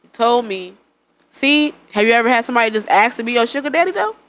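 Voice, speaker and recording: A woman's voice: fairly high pitch, lively intonation, quick pace, fairly bright tone. A young woman in casual chat, telling stories bluntly with plenty of swearing and laughter. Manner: blunt, profane storytelling with frequent laughter.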